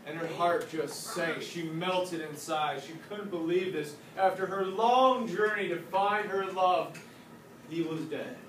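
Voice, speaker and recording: A man retelling a legend aloud in a casual, animated, joking way. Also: high voice, measured pace. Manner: animated, playful, joking asides. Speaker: storyteller. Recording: echoey room from a distance, faint noise.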